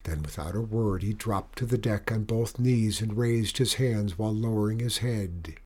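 A man narrating a storybook in an expressive, dramatic reading. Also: lowish voice, moderate pace.

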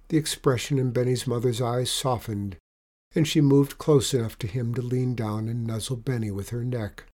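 A man reading a children's story aloud in a calm, even narration. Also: medium pitch, normal speed.

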